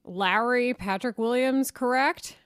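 Woman, fairly high voice, sports radio co-host, lively, dry studio mic. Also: slow pace, smooth, dry recording. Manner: lively, laughing, questioning.

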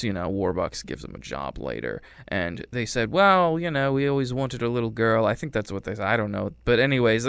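A man's voice: on the low side, gravelly, smooth, dry recording. A man casually retelling a movie's plot, rambling and wry, acting out lines in silly voices. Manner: rambling, wry, acts out quotes. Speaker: movie reviewer. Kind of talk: casual chat.

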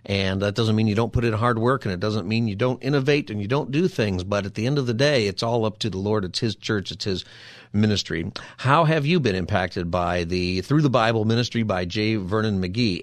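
A man's voice: fairly low pitch, brisk, dry recording. A man hosting a call-in radio show as a pastor, talking in an earnest, conversational way. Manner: earnest, conversational, repeats phone number.

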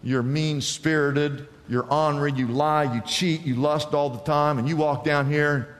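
Animated pastor preaching in a reverberant hall. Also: male voice, normal speed. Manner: animated, acts out characters with big pitch swings. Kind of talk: sermon. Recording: long reverb of a large hall.

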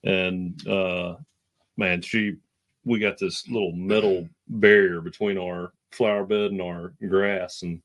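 A man in his young adult years speaks in a fairly low register. He tells stories loosely and with feeling, circling back and restarting his sentences often. It comes across as a relaxed sports talk chat. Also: slow. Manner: rambling, emotional storyteller with many restarts. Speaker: podcast co-host. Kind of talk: casual chat, storytelling.

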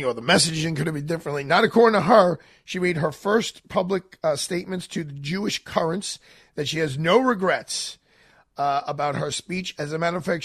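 A man's voice: on the high side, fairly bright tone, no echo. A man hosting a talk radio show, giving emphatic opinions with many fillers and restarts.

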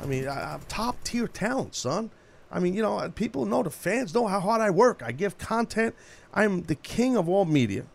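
A male radio host takes calls in a brash, slangy way. His voice sits high for a man and jumps around with lots of life. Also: animated, moderate pace, vocal fry. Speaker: radio talk show host. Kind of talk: call-in radio chat.

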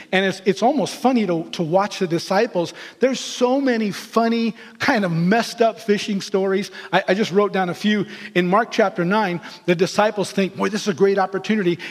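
A man with a high voice preaches in a church sanctuary. He tells Bible stories with lively energy, slipping into quick character voices for the figures he quotes. His words ring out with a long hall reverb. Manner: animated storytelling, acting out quoted characters. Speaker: pastor. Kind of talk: sermon.

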